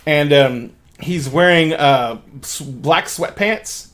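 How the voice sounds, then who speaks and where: A man's voice: fairly high pitch, slow, a bit bright. A man narrating as game master of a tabletop game, casual and laughing, swearing freely.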